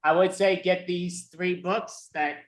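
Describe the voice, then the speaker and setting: A man running the show over a video call, speaking casually in a quick, chatty way. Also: sits high, fairly even intonation. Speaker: show organizer. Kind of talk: casual chat.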